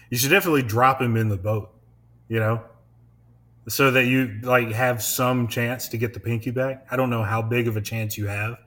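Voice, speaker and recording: A man's voice: medium pitch, steady tone, normal speed, a bit bright. A young man hosting a podcast, chatting casually, rambling and laughing often, with lots of swearing. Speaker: podcast host. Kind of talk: casual chat.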